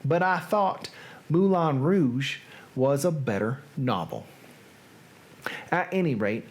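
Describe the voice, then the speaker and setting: A host reading a letter from a woman aloud, slowly and deliberately, in a put-on Southern US accent. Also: medium pitch. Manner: slow and deliberate.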